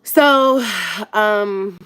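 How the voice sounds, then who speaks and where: A woman talking straight to her viewers, spinning a personal story. She is animated and slangy, full of asides, laughing often and dropping from hushed tones to loud bursts. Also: mid-range voice, very slow, clear, resonant tone. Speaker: vlogger.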